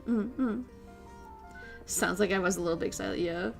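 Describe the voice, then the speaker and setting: A woman streamer chatting casually, telling a story in an excitable way, laughing often and acting out what people said. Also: mid-range voice, a little slow, gravelly, pauses often, faint music behind. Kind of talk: casual chat.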